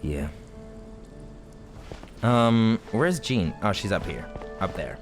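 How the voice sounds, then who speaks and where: A man's voice: on the low side, expressive, takes it slowly. A man hosting a let's play, giving rambling, jokey gameplay commentary and laughing often. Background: game music.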